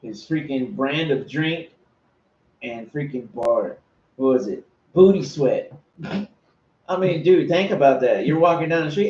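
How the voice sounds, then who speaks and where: Male guest, lively pitch, storyteller, roomy lo-fi sound with faint hum behind. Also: a little slow. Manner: animated storyteller, does goofy voices. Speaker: guest musician. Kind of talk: casual podcast chat.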